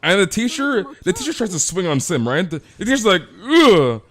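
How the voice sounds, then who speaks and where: A man's voice: high-pitched, very animated, quick pace, a bit bright. A man chatting casually on a live game stream, ranting animatedly and peppering his talk with "freaking" and "dude".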